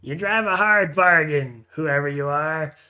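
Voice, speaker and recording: A man voicing a gruff male goblin leader who speaks curtly and with menace. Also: on the high side, measured pace, sharp tone. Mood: menacing.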